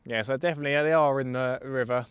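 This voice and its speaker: Speaking very fast in a steady, mid-range voice with a clean tone, a young man from England livestreams from a riverbank while he fishes outdoors. He jokes around and answers questions from viewers, with no room sound.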